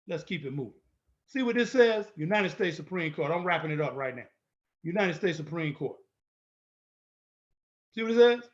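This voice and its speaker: Man, higher-pitched, bold and confrontational instructor; dull lo-fi recording. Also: expressive, moderate pace, long pauses. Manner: emphatic, repetitive, bold and confrontational. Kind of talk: lecture-style video walkthrough.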